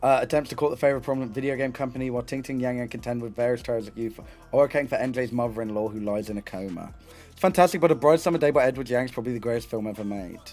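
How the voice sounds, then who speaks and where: On a live stream, an excitable young man rambles in a medium-pitched voice at rapid-fire speed, with faint music in the background. He swears frequently and keeps restarting his sentences.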